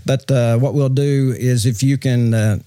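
A man's voice: mid-range voice, steady tone, a little slow, mellow, smooth, no room sound, studio quality. A man hosting a podcast in casual chat, rambling and restarting his sentences. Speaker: podcast host.

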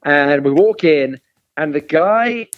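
High-pitched male co-host, animated storyteller, remote call, faint noise under him. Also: takes it slowly, narrow, tinny audio. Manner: animated, laughing while telling a story. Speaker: podcast co-host. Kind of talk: casual storytelling chat.

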